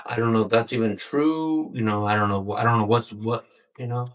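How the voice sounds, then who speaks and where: A man's voice: on the low side, fairly even intonation, brisk, a bit bright. A man co-hosting a podcast in casual chat, hesitant and repeating himself, with short agreeing replies. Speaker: podcast co-host. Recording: voice a bit off-mic.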